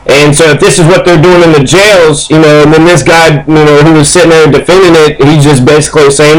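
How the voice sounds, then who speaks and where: A man's voice: on the high side, fairly even intonation, brisk, hardly any pauses, rough recording. Rambling man reading and reacting to news. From Kentucky. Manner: reads news passages aloud, then rambles through his reactions; hesitant, with frequent ums and uhs. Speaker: news commentator. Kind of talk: casual news commentary.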